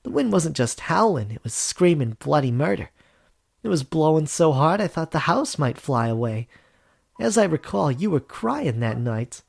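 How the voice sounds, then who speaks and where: A man's voice: a little high, big pitch swings, normal speed, vocal fry, heavily acted. A man voicing an earnest young man, heir to a crime family, recalling childhood in a visual novel reading. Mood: nostalgic. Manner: earnest storytelling.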